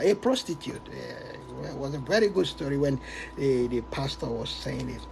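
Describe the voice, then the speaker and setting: A male preacher telling an animated, laughing story in a sermon. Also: mid-range voice, normal speed, creaky, a little hiss or hum, rough recording.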